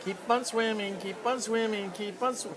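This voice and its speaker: Squeaky vain fish, a man putting it on. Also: fairly even intonation, normal speed, crowd noise, lightly acted. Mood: pushy, giddy. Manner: sing-song, repeating chants. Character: vain little fish, showy and pushy. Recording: crowded public space behind.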